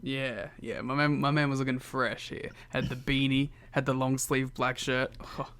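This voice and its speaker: A man's voice: medium pitch, little pitch movement, normal speed, fairly bright tone, clear, resonant tone, dry recording. A young adult man co-hosting a podcast, chatting casually and playfully about wrestling and joking with his co-host. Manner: playful, jokey, laughs often. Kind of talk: casual chat recapping wrestling shows.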